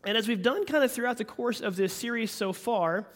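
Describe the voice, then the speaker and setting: A pastor from Oklahoma with a light Oklahoma accent, giving a sermon in a folksy, joking way. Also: male voice, high voice, a little fast. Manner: folksy and joking, with playful asides.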